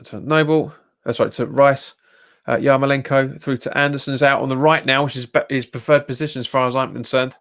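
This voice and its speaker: A male football fan livestreamer with a Cockney-tinged London accent does an excitable watch-along of a live match, talking a little fast. He sounds exasperated, his pitch jumping up at bad calls, and he chats with his viewers.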